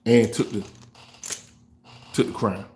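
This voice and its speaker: A man hosting a fan reaction show, trash-talking rival fans in a loose, animated way. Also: on the low side, slow pace, a little hiss or hum. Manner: trash-talking, animated, African American Vernacular English grammar. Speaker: sports fan show host.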